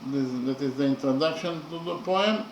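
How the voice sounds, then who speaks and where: A man teaching a lesson on a poem, speaking haltingly with frequent pauses and spelling out letters one at a time. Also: on the high side. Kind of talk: slow spoken lesson. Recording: echoey room with faint background noise.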